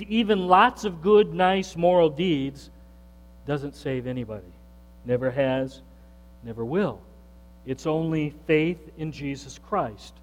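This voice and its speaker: A male pastor with a high voice delivers an emphatic sermon, taking his time and repeating key phrases. He questions the congregation directly. The sound carries a long hall reverb over a faint mains hum.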